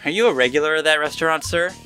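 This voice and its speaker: A polite young lawyer asking careful questions, as a man reads him. His voice is bright and close to everyday speech. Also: on the high side, racing, soft background music, voice pushed up.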